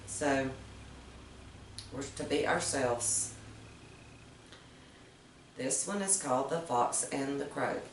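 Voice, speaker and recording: A woman's voice: rumbling low, takes it slowly, pauses often, a little hiss or hum. Woman reading fables in a roomy room. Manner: gentle, explains morals with questions. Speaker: storyteller. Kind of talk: reading fables aloud to children. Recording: roomy, distant mic.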